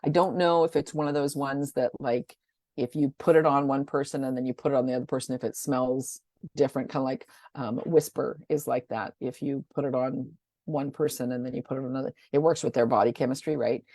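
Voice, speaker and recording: A woman's voice: very deep voice, fairly even intonation, fairly quick, warm tone, no room sound, studio quality. A woman presenting products in a casual, rambling rundown. She talks chattily and often stumbles over names. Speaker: essential oil presenter.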